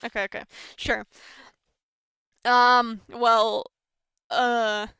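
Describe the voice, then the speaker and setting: A woman's voice: on the high side, flat delivery, extremely slow, gravelly, bright, forceful tone, smooth, no room sound. A woman whose first language is Estonian or Russian, streaming a visual novel, reading dialogue aloud and stumbling, self-deprecating, over words.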